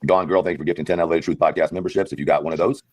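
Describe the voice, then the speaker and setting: Deep-voiced, fast-talking threatening man. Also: fairly even intonation, husky, no room sound. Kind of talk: livestream talk.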